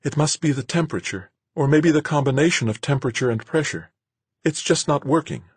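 A man voicing an excited young woman scientist who gushes breathlessly. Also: a little high, a little fast, slightly rough, no echo, pitched above the performer's own voice. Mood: mournful. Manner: breathless, gushing.

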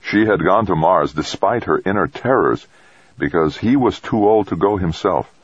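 A man reading an audiobook in a measured, even storytelling manner. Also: low-pitched, breathy edge, dry recording, muffled recording. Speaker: audiobook narrator. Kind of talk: scripted narration.

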